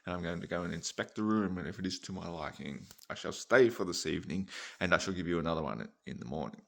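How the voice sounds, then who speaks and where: A man putting on a pompous travelling salesman who speaks in a stiff, overly formal way. The voice is low and gravelly but drawn up into a haughty manner, in a told joke. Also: expressive, fast talker, a bit bright, heavily acted.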